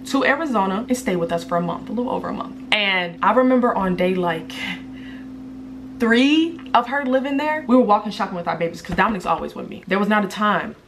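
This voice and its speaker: A woman's voice: medium pitch, expressive, brisk, slight background noise. Blunt woman telling a personal story. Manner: direct and blunt. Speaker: mother telling her story.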